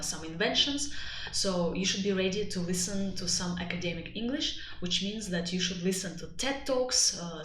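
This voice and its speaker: A woman giving a casual exam-prep lesson over a live stream, talking in a loose, playful way with plenty of fillers and quick asides. Her voice sits at an ordinary pitch for a woman. It carries the echo of a bare room, with a faint hiss in the background. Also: fairly bright tone. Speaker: IELTS teacher.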